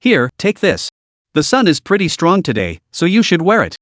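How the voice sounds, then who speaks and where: A man's voice: high voice, huge pitch swings, moderate pace, a bit bright, no echo, clean studio sound, full character voice. Man reading a bossy, teasing young woman.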